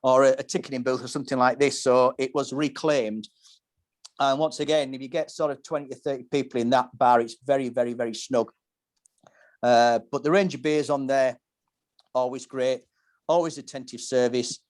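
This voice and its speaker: A man's voice: medium pitch, fairly even intonation, normal speed. A man hosting a casual podcast, telling long descriptive stories with many restarts. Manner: rambling, descriptive storytelling with frequent restarts. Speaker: podcast host. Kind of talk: casual pub-talk podcast.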